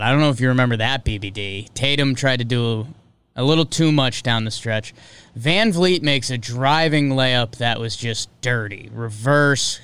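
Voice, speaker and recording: A young man hosting a casual sports talk livestream, chatty and joking, with sudden energetic bursts. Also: medium pitch, clean tone, dry recording. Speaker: sports show host.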